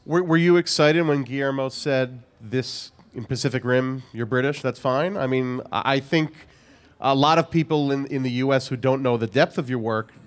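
A man's voice: mid-range voice, moderate pace. Chatty man putting a question. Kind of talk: interview question.

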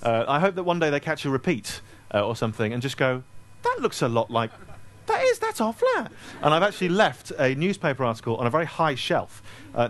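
A man in his thirties tells funny stories to a live audience at a store event. His voice sits in an ordinary middle register, and he talks in a lively, self-deprecating way. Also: mid-range voice. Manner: self-deprecating, animated anecdote-telling. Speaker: author speaking at a store event. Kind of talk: comic storytelling to a live audience.

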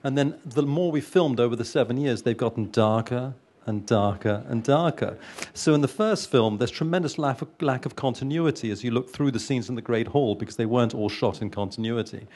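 A man's voice: mid-range voice, brisk, a little mellow. Earnest man answering with restarts. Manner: earnest, hesitant, many restarts. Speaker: film producer. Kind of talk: interview answers.

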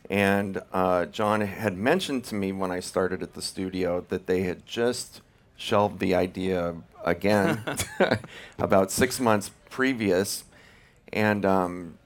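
Deep-voiced hesitant director. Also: male voice, takes it slowly. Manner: hesitant, many ums and restarts. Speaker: film director, guest. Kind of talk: casual interview.

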